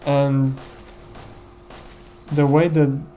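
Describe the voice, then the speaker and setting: A man's voice: mid-range voice, level tone, drawn-out words, dark tone, poor audio. A man giving casual gameplay commentary in a reflective, musing way, often tagging his thoughts with "you know.".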